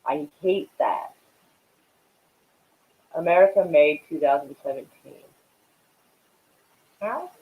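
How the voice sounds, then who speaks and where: A man's voice: a little high, animated, slow pace, long pauses, narrow, tinny audio. A man hosting a casual live stream and chatting with viewers, rambling and swearing while he smokes. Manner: rambling and profane, many fillers; smoking while talking.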